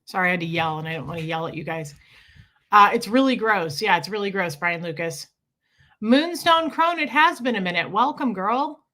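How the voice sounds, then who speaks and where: A woman chats casually on a live stream from home, greeting her viewers one by one. Her voice is husky because she has just woken up, yet the tone stays bright and forceful at a middle pitch. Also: expressive, normal speed.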